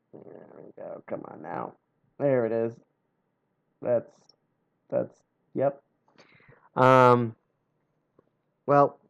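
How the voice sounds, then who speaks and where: A man's voice: medium pitch, highs cut off. A young man on a live stream reading a gamebook aloud, full of sarcastic asides and frequent laughs, in a home streaming setup.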